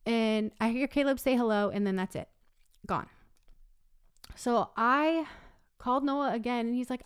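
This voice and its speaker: A woman's voice: a little high, moderate pace, clear, resonant tone, no echo, studio quality. Chatty woman telling an emotional story. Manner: emotional storytelling, many fillers. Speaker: guest telling a personal story. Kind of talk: casual chat.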